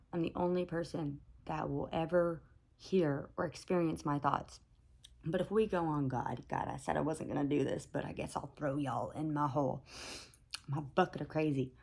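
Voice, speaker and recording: A young woman with a low voice talks to her camera in a loose, unscripted monologue. She thinks out loud, backtracks often and fills pauses with "like" as her thoughts wander. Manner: thinking aloud, many fillers and self-corrections. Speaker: vlogger.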